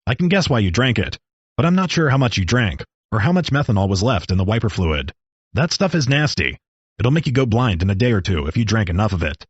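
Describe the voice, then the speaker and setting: A man voicing a wry old male talking rattlesnake in a storybook reading, calm and explaining with dry jokes. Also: lowish voice, fairly quick, husky, no room sound, muffled recording.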